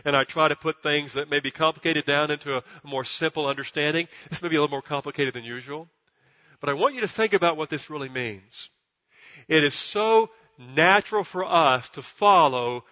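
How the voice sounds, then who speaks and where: Emphatic preacher man, long hall reverb. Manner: emphatic, builds to loud high peaks, repeats words; stutters at times. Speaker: pastor. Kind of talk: sermon. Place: church. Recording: dull recording with long church reverb.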